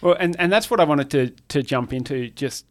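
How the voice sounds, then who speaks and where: A man hosting a casual discussion in a measured, thoughtful way, drawing on scripture. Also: on the high side, expressive. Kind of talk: casual conversation.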